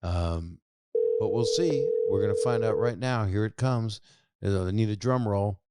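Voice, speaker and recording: A man in his sixties hosts a podcast, chatting with callers on the phone and telling rambling, jokey stories while constantly interrupting himself. His voice sits on the low side and he takes his time, with heavy background noise behind him.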